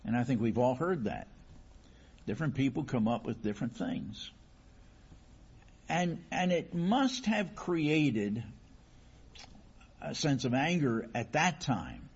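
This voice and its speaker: A male preacher with a husky voice delivers a sermon through a long story. He restarts phrases often and asks the listeners question after question. The recording is slightly dull and muffled. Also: mid-range voice, big pitch swings, slow, pauses often.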